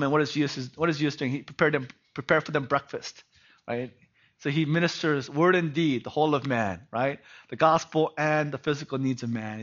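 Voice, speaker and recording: A man delivers a sermon in a high, bright voice. He peppers his points with rhetorical questions and tag questions, dropping to a hush and then rising to loud emphasis. The recording sounds dull and lo-fi. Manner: swings from hushed to loud emphasis. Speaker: preacher. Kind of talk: sermon on a Bible passage.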